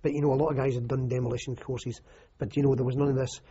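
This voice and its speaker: An older Scottish man tells his old army stories in a loose, rambling way, often circling back with "you know." His voice is very husky and mellow, heard through a dull, muffled old recording. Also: mid-range voice, level tone, fast. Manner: rambling, anecdotal, frequent restarts and "you know". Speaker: interviewee, army veteran. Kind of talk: oral history interview.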